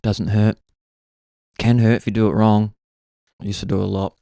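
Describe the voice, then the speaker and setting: A man's voice: fairly low pitch, flat delivery, normal speed, vocal fry, warm tone, no room sound, studio quality. Laid-back man rambling comically. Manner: laid-back, musing, self-mocking. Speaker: podcast host.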